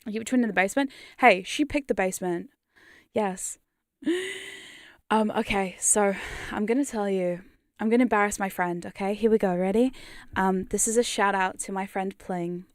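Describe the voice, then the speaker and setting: A woman's voice: mid-range voice, moderate pace, no room sound. Playful New woman, dry close mic. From New Zealand. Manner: rambling, playful, laughs often and swears freely. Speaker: hypnosis content creator and livestream host. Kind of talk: casual livestream chat. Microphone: studio condenser mic.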